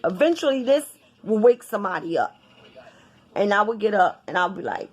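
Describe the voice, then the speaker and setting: A woman vlogger talking casually and bluntly to her viewers, cursing often in an animated, informal way. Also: medium pitch, a little fast. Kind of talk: casual vlog rant.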